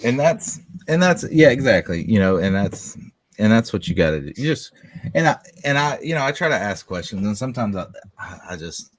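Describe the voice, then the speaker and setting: Deep-voiced man, halting and casual. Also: no room sound. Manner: halting, repeats words, says "you know" a lot. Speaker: podcast guest. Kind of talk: casual podcast chat.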